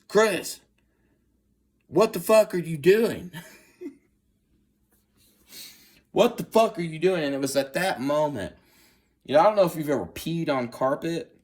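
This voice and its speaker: A man telling a comic personal story casually, profane and animated, acting out scenes as he goes. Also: mid-range voice.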